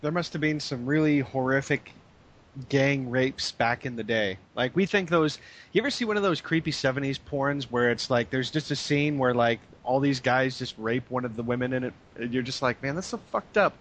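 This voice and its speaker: A man's voice: mid-range voice, moderate pace, a bit bright, a little hiss or hum. A man chatting casually as co-host, musing in a crude, offhand way. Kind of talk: casual chat.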